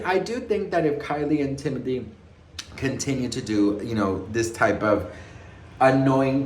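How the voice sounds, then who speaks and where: With a little hiss or hum in the background, a man of medium pitch gossips about celebrities in a casual chat. His delivery is sassy and dramatic, with raised-voice reenactments of quotes and viewers called "girl" and "best friend"; the room is echoey with faint ambience.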